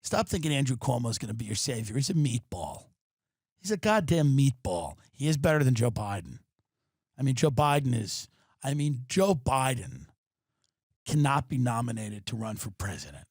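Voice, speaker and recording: A man's voice: medium pitch, big pitch swings, normal speed, slightly rough, dry recording, clean studio sound. A man hosting a podcast, delivering an exasperated, profane comedic rant from his apartment. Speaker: podcast host. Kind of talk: ranting comedic monologue.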